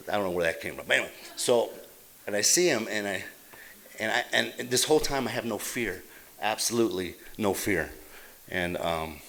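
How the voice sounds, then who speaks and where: A middle-aged man from Utah telling his recovery story at a meeting, halting and plain-spoken, with many fillers and restarts. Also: on the low side, a bit bright. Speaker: AA meeting speaker. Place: meeting hall.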